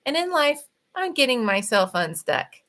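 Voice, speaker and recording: Fast-talking, bright-voiced woman. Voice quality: voice runs high. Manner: fast, animated, laughs often. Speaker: author and podcast host. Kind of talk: casual spiritual talk.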